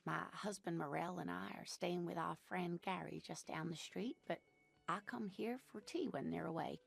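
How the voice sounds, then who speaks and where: A woman's voice: on the low side, normal speed, gravelly, slightly rough, dry recording, exaggerated voice. An actress voicing a cheerful, scatterbrained old married woman in a video game, sweet and doting in manner. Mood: chatty. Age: older.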